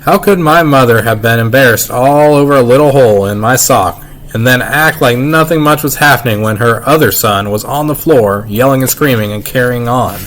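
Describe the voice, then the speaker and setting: A man's voice: mid-range voice, moderate pace, a bit bright, a little hiss or hum. Man reading a children's book aloud. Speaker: reader. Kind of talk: reading a children's novel aloud, first-person narration.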